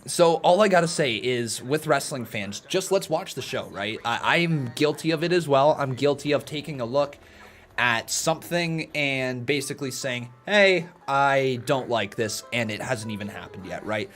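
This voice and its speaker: A man's voice: mid-range voice, normal speed, a bit bright, soft background music. A man hosting a live watch-along stream in a casual, chatty way, greeting viewers by name and talking to them in an earnest, encouraging tone.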